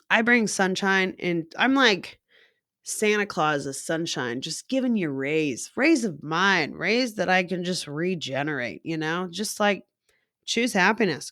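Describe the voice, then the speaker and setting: A woman's voice: low-pitched, a bit bright, dry recording, studio quality. A young woman vlogger who reads her horoscope aloud and reacts to it in casual, blunt chat, swearing freely.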